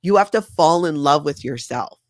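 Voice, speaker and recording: A woman's voice: sits low, lively intonation, normal speed, dry recording, clean studio sound. A woman hosting a livestream, talking in an earnest, confiding way and reading viewer comments aloud. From former member of a high-control group. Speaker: livestream host.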